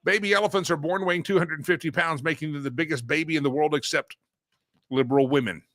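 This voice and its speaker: A man's voice: on the high side, fast talker, a bit bright, no room sound. A man hosting a political talk show, joking around and chanting sing-song catchphrases. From Colorado, USA.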